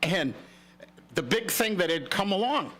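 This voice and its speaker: A man's voice: sits high, big pitch swings, measured pace, fairly bright tone. Joking older male radio co-host. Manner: jokey, storytelling. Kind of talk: casual morning radio chat.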